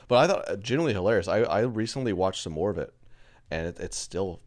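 A man's voice: sits low, lively intonation, fast talker. A young man co-hosting a casual podcast, joking and laughing often. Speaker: podcast co-host. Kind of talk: casual chat.

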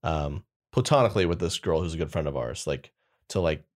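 A man's voice: rumbling low, expressive, a little fast. A young man co-hosting a podcast, telling a story in a loose, rambling, casual way. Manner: laid-back rambling storyteller. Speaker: podcast co-host. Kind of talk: casual chat.

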